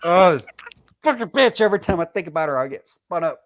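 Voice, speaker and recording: Caller, male, fired-up and foul-mouthed, a bit high-pitched, over a voice call. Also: lively intonation, quick pace, fairly bright tone, a little hiss or hum. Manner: profane, heated storytelling. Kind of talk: casual call-in storytelling.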